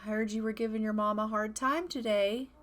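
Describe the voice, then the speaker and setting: Woman voicing a doting gentle dad. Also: medium pitch, steady tone, fairly quick, lightly acted. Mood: tender. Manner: tender, cooing. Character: doting gentle young father.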